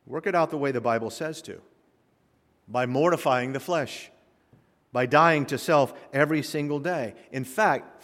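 A man with a slightly high voice preaches a sermon in a church sanctuary. He reads scripture line by line, swings from loud emphatic rises to quiet drops, and his voice rings with a long hall reverb. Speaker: pastor.

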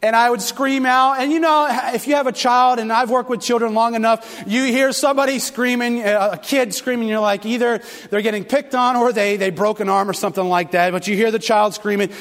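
High-voiced preacher in a reverberant hall. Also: male voice, brisk, hardly any pauses. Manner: animated storytelling, rising to loud fervent passages. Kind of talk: sermon. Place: church sanctuary.

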